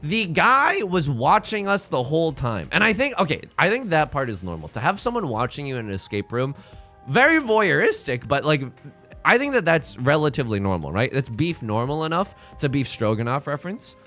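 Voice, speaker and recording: A man's voice: fairly high pitch, sing-song, fairly quick, sharp tone, faint music behind. A young man streaming live, telling a rambling, self-mocking story with frequent laughs while he plays a game. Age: young adult.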